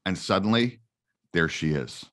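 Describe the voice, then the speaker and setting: A man talking as a guest on an interview show, telling stories in a lively, self-correcting way. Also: measured pace. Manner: animated storyteller, self-correcting, jumps to a high voice. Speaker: guest actor promoting a book. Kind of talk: casual interview chat.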